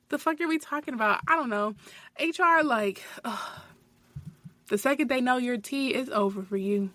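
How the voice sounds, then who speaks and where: A woman's voice: a little high, moderate pace, fairly bright tone, dry recording. Blunt, profane young woman. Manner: blunt and profane, heavy filler "like". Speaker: podcast host. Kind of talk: casual storytelling rant.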